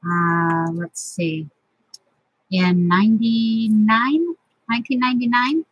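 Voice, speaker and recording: A woman's voice: on the high side, slow, breathy edge, no echo, muffled recording. A middle-aged woman, chatting casually and sentimentally as host of a crafting vlog from her home craft room.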